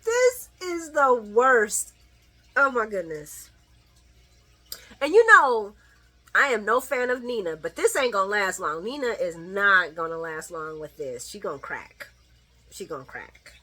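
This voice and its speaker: A woman casually recapping a soap opera episode, laughing often and acting out the characters' lines in quick little voices. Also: medium pitch. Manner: animated and giggly, acts out characters' lines. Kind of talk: casual chat.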